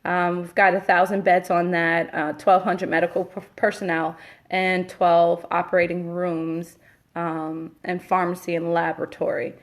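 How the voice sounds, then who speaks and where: A woman's voice: lowish voice, level tone, measured pace. A woman from Queens, talking casually through a live-stream update and getting emphatic and indignant when she disagrees. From Queens, New York. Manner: chatty, emphatic, breaks into an indignant rant. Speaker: Facebook Live host.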